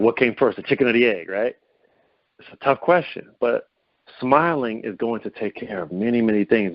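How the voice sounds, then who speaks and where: A man hosting a confidence coaching call, speaking in an upbeat way, asking his listeners many rhetorical questions and swinging his pitch up and down as he talks. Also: no room sound. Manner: lively pitch swings to show vocal variety. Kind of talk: motivational teleconference talk. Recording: dull lo-fi phone-call audio, dry.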